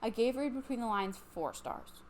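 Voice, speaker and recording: A woman's voice: on the high side, animated, moderate pace, a little hiss or hum. A young woman in her twenties, a little tipsy on wine, chatting casually about books at home and rambling with lots of fillers and restarts. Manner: rambling, self-interrupting, lots of likes and ums. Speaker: book vlogger. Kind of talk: casual chatty book review.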